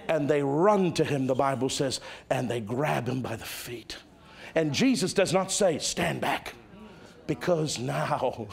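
A male pastor preaching a sermon, dramatic, swinging from loud exclamations to hushed tones. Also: sits high.

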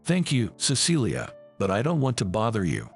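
A man's voice: lowish voice, huge pitch swings, moderate pace, soft background music. A man reading as a timid old homeless man. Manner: timid, humble storybook reading.

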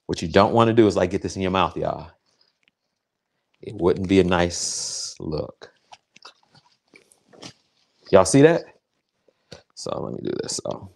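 A man hosting a casual cooking livestream, excitable and crude, joking and chatting straight to his viewers. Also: deep voice, creaky. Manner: excitable, crude, jokey, chats directly to viewers. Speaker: home cook hosting a cooking show.

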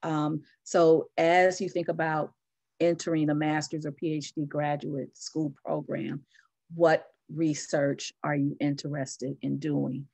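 A woman's voice: deep voice, level tone, a little slow, gravelly, a little mellow. A woman presenting in a webinar, explaining an application process thoughtfully and with many fillers.

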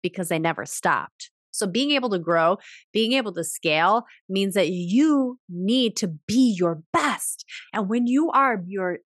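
A female podcast host speaks unhurriedly on a motivational business show, telling stories with animation and acting out dialogue with big leaps in pitch. The recording is dry and studio quality.

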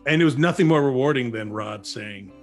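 Here a male actor on an interview show tells animated stories in a relaxed, chatty way, frequently backing up to restart. He speaks briskly in a mid-range voice over soft background music.

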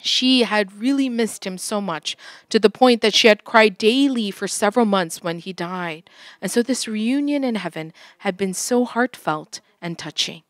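A woman's voice: medium pitch, moderate pace, no echo, clean studio sound. Woman telling an earnest sermon story.

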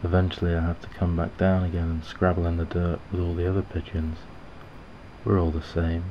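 A man's voice: sits low, level tone, brisk, natural voice. A man voicing a gloomy, self-pitying talking pigeon in a short told story, with a sulky, complaining manner. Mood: mopey. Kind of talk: storytelling narration. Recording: dull lo-fi recording with background noise.

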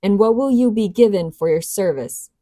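A woman voicing a timid, gentle young princess who speaks earnestly. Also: medium pitch, lively intonation, normal speed, dry recording, natural voice. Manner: earnest, pleading.

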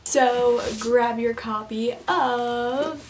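A woman's voice: fairly high pitch, steady tone, drawn-out words, noisy background. A young woman vlogging casually about a book and its film, chatty and giggly with lots of fillers. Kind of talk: casual chat to camera.

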